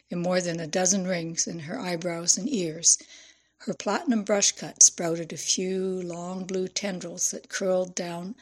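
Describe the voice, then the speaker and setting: A woman narrating an audiobook in a measured, expressive reading voice. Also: on the low side.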